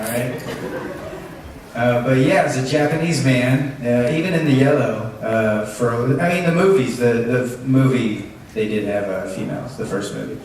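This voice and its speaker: Man, convention panel guest, laughing storyteller, booming echoey hall, crowd noise. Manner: laughing, animated anecdotes. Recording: echoey hall, noisy, from far off.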